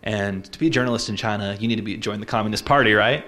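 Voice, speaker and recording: A man in his twenties from Utah, telling a personal story in a casual, reflective way, halting often with fillers and restarts. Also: lowish voice, a bit bright.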